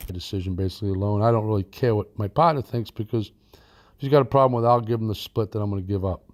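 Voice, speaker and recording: A man's voice: on the low side, very fast, a little mellow. A man who teaches land investing tells a long business anecdote in a rambling, folksy way, with fillers and asides. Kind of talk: anecdotal storytelling.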